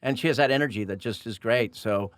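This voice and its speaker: A man's voice: mid-range voice, brisk, a bit bright, no echo, studio quality. A man hosting a podcast, talking casually and rambling with many fillers. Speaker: podcast host.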